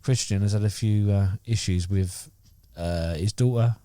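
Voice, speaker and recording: A man's voice: lowish voice, unhurried, dark tone, no echo. A man co-hosting a casual podcast, rambling with many fillers and restarts. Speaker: podcast co-host. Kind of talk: casual chat.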